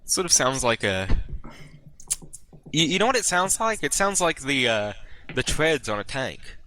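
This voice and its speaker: A man's voice: medium pitch, sing-song, unhurried, sharp tone, a little hiss or hum. A man narrating as game master of a tabletop game, hesitant and full of fillers, often chuckling.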